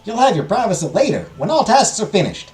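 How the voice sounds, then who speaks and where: A man's voice: high voice, very animated, brisk, darkish tone, soft background music, voice pushed up. A man voicing a sassy young French woman with a put-on American Southern accent, teasing and scolding.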